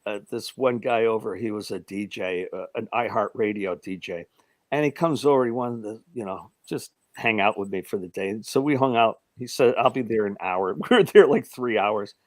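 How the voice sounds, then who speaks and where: A man's voice: fairly low pitch, normal speed, dry recording, clean studio sound. A man telling stories in casual chat, acting out voices, laughing often and stammering as he talks. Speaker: guest telling of sightings.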